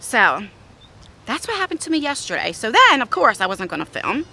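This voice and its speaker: A woman's voice: fairly high pitch, big pitch swings, normal speed, creaky, pushed and bright, a little hiss or hum. A middle-aged woman vlogger telling a story in a casual, blunt way, with some swearing.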